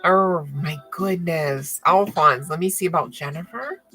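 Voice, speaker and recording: A woman giving live tarot readings to viewers, excitable and thinking aloud as she turns cards. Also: lowish voice, a little slow, music in the background, poor audio. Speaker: tarot reader.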